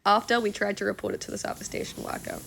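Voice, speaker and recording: A woman narrating a travel vlog as a scripted voice-over, in a gentle, earnest, diary-like way. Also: medium pitch, little pitch movement, fast talker, gravelly, a little hiss or hum.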